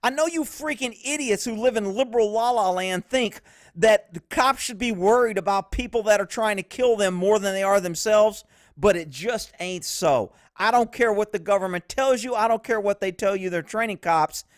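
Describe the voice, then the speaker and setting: A man's voice: high voice, normal speed, no echo, clean studio sound. A man giving blunt, profane casual commentary on police footage. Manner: blunt, profane, laughs easily.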